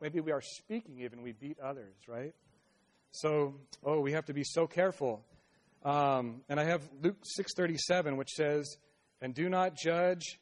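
Earnest man preaching a sermon. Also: on the high side. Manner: earnest, exhorting, frequent "right?" and restarts.

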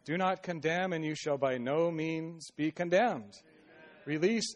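A man preaching a sermon, reading verses slowly and then exhorting earnestly with many restarts and "right?" tags. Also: on the high side.

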